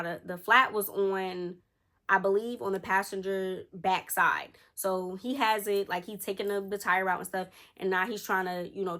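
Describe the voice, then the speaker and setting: A woman vlogger telling a personal story in a chatty, animated way, slangy and talking straight to her viewers. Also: medium pitch. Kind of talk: casual storytime.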